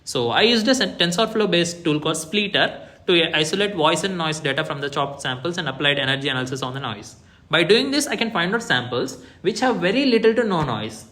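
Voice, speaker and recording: A man's voice: on the high side, bright, forceful tone. A young man presenting his academic project, explaining step by step with frequent fillers like "like" and "see". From India. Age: young adult. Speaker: student presenter.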